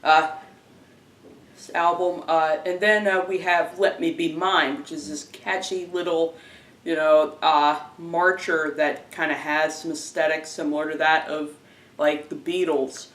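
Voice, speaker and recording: Halting man reviewing albums, roomy echo. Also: fairly high pitch, flat delivery, a bit bright. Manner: halting, many fillers and restarts. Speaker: music reviewer. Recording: roomy, distant from the mic.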